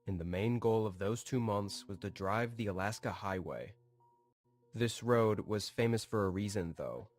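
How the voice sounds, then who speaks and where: A man calmly reading out a scripted first-person horror story. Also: fairly low pitch, moderate pace, soft background music.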